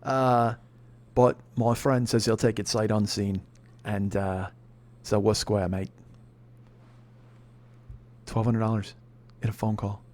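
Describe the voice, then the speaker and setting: A man's voice: lowish voice, little pitch movement, measured pace, darkish tone. A man from Chicago hosting a podcast, telling a rambling, profane, self-deprecating story in a casual way. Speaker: podcast host.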